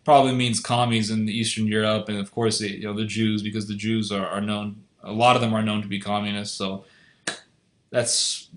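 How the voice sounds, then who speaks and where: A man's voice: on the low side, level tone, normal speed, roomy sound. A man giving an unscripted commentary monologue, earnest and insistent, who often repeats and restarts his phrases. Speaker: online video commentator.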